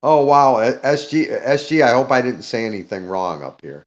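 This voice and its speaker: A man's voice: mid-range voice, moderate pace, lo-fi sound. A man speaking as a guest on a live audio panel in casual chat, rambling, greeting listeners by name and checking he caused no offence.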